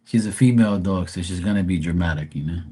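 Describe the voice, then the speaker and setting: A man's voice: low voice, fast, dark tone, slightly rough. A man hosting a casual live stream from home, greeting viewers by name and teasing his dog in a laid-back way. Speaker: live stream tarot reader.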